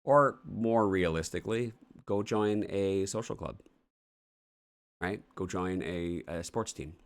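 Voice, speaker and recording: Canadian dude hosting, real low voice, rambly and blunt, swears a lot. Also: male voice, takes it slowly. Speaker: host. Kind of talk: casual morning show chat.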